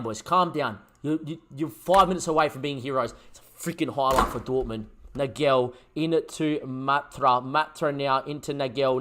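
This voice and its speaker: A young man commentating his own football management game, excitable and chatty. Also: on the high side. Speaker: gaming YouTuber.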